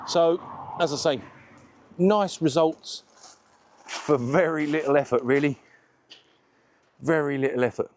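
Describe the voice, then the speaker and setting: A man chatting to camera while washing a car, relaxed and a little out of breath. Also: a little high, a little hiss or hum. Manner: chatty, slow and unhurried, self-deprecating. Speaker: car detailing vlogger.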